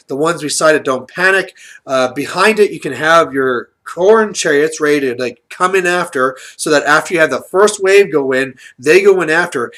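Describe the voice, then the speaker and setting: A man hosts his own channel and talks through tabletop strategy in a relaxed, chatty way. His voice sits slightly high for a man. He leans on fillers and restarts as he explains. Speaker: channel host. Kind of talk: casual strategy commentary.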